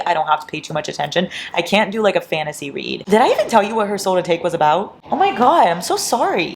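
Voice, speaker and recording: A woman vlogging casually through an all-night reading session, giddy and excitable, laughing often and swearing, tired from no sleep. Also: lowish voice, slight background noise. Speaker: book vlogger.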